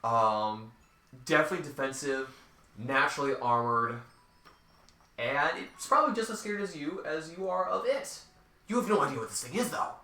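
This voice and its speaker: A man's voice: fairly high pitch, normal speed, bright, forceful tone. A man narrating a tabletop game as game master, describing scenes with frequent hesitations and ums. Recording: echoey room, distant mic.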